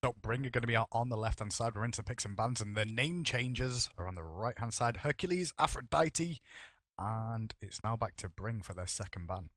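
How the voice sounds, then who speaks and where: A man's voice: mid-range voice, animated, moderate pace, a bit bright, no echo, studio quality. A man casting a live esports match, joking and bantering with his co-caster between calls. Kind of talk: live esports play-by-play commentary.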